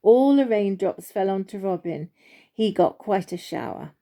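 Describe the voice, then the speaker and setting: A woman reading a children's storybook aloud in a gentle, unhurried way, with small slips and restarts. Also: mid-range voice, animated.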